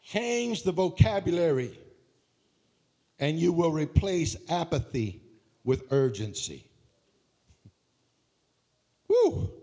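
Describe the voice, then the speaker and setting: A male pastor preaching a rousing sermon, half-singing his lines and breaking into shouts. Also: a little high, animated, slow pace, pauses often. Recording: preaching over loud music.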